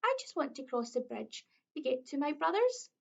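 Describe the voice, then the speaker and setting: A woman's voice: high-pitched, sing-song, moderate pace, creaky, heavily acted. A woman with a Scottish accent voicing the biggest billy goat, a brave eldest brother, in a big confident voice. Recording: dull lo-fi recording.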